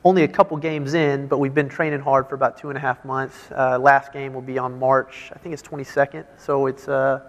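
A young man from Texas with a Southern American accent, a guest answering interview questions in a friendly, relaxed way. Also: medium pitch, a little fast, few pauses, highs cut off. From Houston, Texas. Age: young adult. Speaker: guest basketball player. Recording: long hall reverb.

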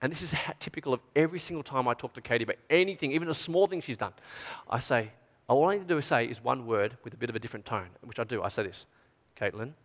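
A middle-aged man with an Australian accent preaching a storytelling sermon to a youth event, chatty and animated, often checking in with "right?". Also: mid-range voice, racing. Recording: long hall reverb.

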